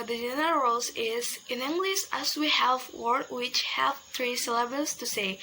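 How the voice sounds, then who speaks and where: A young woman whose first language is Indonesian, presenting an English pronunciation lesson slowly and haltingly, repeating each example word with many fillers. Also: fairly high pitch, bright, forceful tone, a little hiss or hum, poor audio. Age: young adult. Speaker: student presenter.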